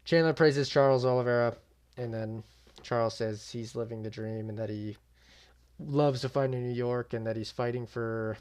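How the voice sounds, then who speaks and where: A man's voice: medium pitch, fairly even intonation, moderate pace, darkish tone, clear, resonant tone. A young man giving casual, slangy reaction commentary, swearing freely and often trailing off mid-thought. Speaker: YouTube MMA commentator.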